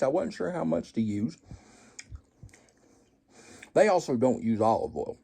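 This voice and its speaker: Brief: male cooking vlogger, folksy and self-deprecating, husky voice with a lively, swooping delivery. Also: mid-range voice, unhurried, long pauses. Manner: folksy, self-deprecating, joking asides to viewers. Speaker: home cooking show host. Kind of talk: casual cooking vlog, tasting and chatting.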